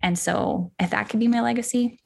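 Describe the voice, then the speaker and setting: A young woman co-hosting a casual podcast chat. She sounds bubbly and talks with plenty of "like" and "um". Her voice has a gravelly, slightly husky edge. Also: mid-range voice, brisk, a little mellow. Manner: bubbly, filler-heavy. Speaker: podcast co-host.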